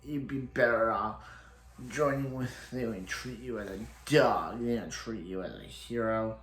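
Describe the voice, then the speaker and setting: Man impersonating a low, slow-drawling crook, echoey room. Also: fairly bright tone. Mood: scheming. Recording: roomy echo.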